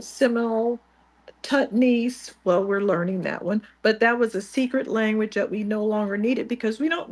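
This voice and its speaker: A woman co-hosting a talk show, speaking emphatically in firm, repeated declarations. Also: fairly high pitch. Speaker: co-host. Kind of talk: impassioned talk-show discussion.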